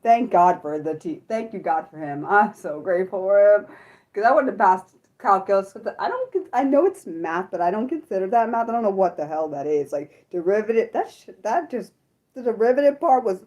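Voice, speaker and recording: A young adult woman chatting casually on her livestream, apologetic and self-deprecating, swearing a lot and swinging from high laughing squeals to low mutters. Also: lively intonation, fairly quick, a little mellow. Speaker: livestream host. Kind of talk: unscripted livestream chat with viewers.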